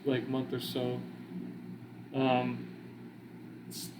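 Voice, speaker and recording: A man co-hosting a podcast, chatting casually about politics and dropping facts and figures in a relaxed way. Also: medium pitch, drawn-out words, a little hiss or hum, rough recording. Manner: relaxed, offers facts and figures, quotes people dryly. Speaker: podcast co-host.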